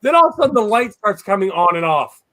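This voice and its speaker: Man, high voice, lively storyteller, dry close sound. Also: fast, no room sound. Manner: lively storyteller, acts out dialogue. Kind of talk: casual storytelling.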